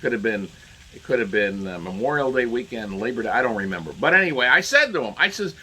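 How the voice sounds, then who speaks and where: Male commentator, excitable rambling storyteller; bright, slightly husky voice. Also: mid-range voice, quick pace, rough recording. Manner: rambling, repeats himself, excitable. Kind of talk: casual monologue commentary.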